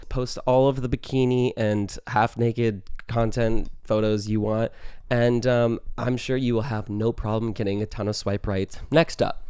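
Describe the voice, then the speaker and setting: A young man talks through dating tips in a casual, chatty monologue, leaning on "like" constantly and sometimes swearing as he rants. His voice sits at an ordinary pitch for a man. The recording is dry, with almost no room sound. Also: darkish tone, clean tone, dry recording. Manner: chatty, heavy use of "like", swears when ranting. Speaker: podcast host.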